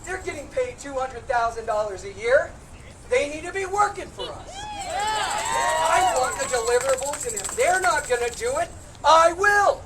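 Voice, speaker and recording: A woman's voice: sits high, expressive, moderate pace. A woman running for office giving an impassioned rally speech outdoors at a protest, recorded from a distance. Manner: impassioned, builds to shouted call-and-response. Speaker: congressional candidate speaking at a protest. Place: outdoors on steps at a street protest. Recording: distant street recording with crowd noise.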